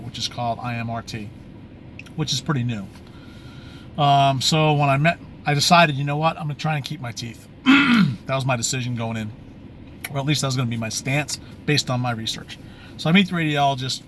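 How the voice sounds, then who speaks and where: Man, video-diary vlogger, candid and rambling, phone mic outdoors with faint background noise. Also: mid-range voice. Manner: candid, rambling, with many fillers and restarts. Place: outdoors in bright sun, maybe by a vehicle.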